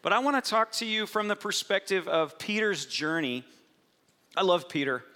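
A man preaching an Easter sermon to a congregation, animated and playful, telling the story with lively acted-out quotes. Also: high-pitched, normal speed. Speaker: pastor. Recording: echoey hall with long reverb.

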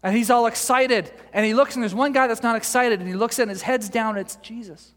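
Speaking briskly in a very high-pitched voice, this male pastor fills his sermon with lively stories, frequent fillers and restarts. His gentle jokes with the congregation echo through a large hall.

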